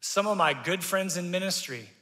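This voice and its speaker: A man preaching a sermon as pastor, conversational and energetic, leading the congregation in call-and-response. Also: high voice, moderate pace. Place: church sanctuary. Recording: reverberant church hall.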